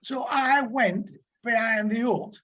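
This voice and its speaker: Speaking slowly in a very high voice, a sixty-something Lancashire man guests on a podcast and tells cricket stories from years ago. His anecdotes wander chattily, full of dialect words and fillers, and the audio is dull.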